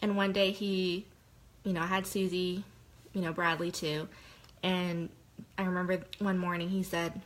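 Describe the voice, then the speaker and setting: A woman's voice: on the low side, fairly even intonation, measured pace, pauses often, poor audio. A young adult woman speaking candidly in a personal testimonial monologue about her sales work, heartfelt and rambling with many fillers. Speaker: direct-sales consultant.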